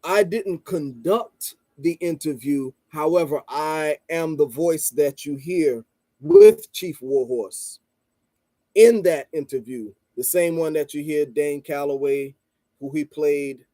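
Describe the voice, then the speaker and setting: A man telling a story in a casual monologue, rambling and repeating "you know" and "blah, blah", calm and measured. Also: fairly high pitch, dry recording. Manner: calm and measured, stresses listening before responding. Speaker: channel host and street vendor.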